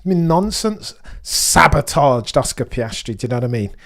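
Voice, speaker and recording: A young man hosting a live race watchalong, chatting excitedly to his viewers and firing off rhetorical questions. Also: mid-range voice, moderate pace, vocal fry. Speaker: livestream watchalong host.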